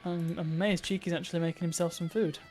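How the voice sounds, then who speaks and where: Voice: mid-range voice, little pitch movement, quick pace, a little mellow, faint music behind. A streamer giving chatty live gameplay commentary, thinking aloud and breaking into playful cheers.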